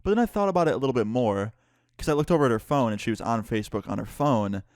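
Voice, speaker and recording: Young man, storytime vlog, casual, swearing, animated, mid-range voice, dry sound. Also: mid-range voice, fast, dry recording. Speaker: YouTuber.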